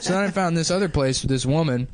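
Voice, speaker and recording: A man's voice: on the high side, quick pace, no room sound. A young man hosting a podcast, telling a long crude story in a rambling way, full of fillers. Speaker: podcast host. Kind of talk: casual storytelling.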